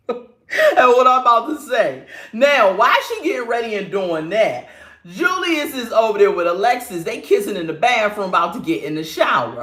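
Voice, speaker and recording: A woman's voice: mid-range voice, fairly bright tone, echoey room. A woman recapping a reality show in a sassy, opinionated way, acting out the quotes in the casual chat.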